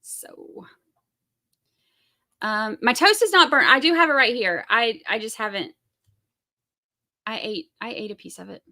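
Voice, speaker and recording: A woman's voice: fairly high pitch, lively intonation, a little slow, long pauses, pushed and bright. A woman with a Southern US accent hosting a casual livestream, rambling and chatty as she reads out viewer comments. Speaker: livestream host.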